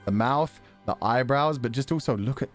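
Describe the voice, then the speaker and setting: A man casually chatting on a livestream, excitable, laughing often and swearing now and then. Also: mid-range voice, normal speed, faint music behind. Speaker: streamer.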